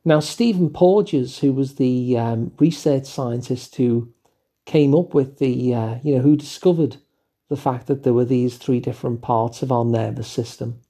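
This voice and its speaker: Older English male host, dark husky voice, calm reflective delivery. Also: mid-range voice, unhurried. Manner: gentle, musing, with fillers and asides. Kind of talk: reflective solo talk.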